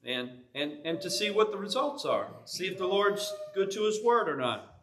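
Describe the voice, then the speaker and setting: A man's voice: high voice, sing-song, moderate pace, background noise. A man preaching a sermon in a church, retelling a story in a conversational way.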